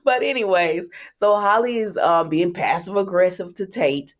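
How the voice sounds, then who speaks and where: A woman with a slightly low voice hosts a casual soap opera recap. She retells each scene in a chatty way and keeps breaking off to talk to her viewers. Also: normal speed.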